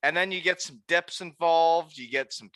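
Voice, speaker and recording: A man hosting a casual podcast chat, excitable and swearing freely. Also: fairly high pitch, normal speed, clear, resonant tone, dry recording. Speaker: podcast host.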